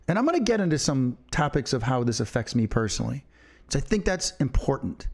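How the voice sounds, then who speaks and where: A man's voice: medium pitch, sing-song, moderate pace, long pauses. A middle-aged man and podcast co-host, talking in a fiery, profane and emphatic way. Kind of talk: impassioned opinion talk.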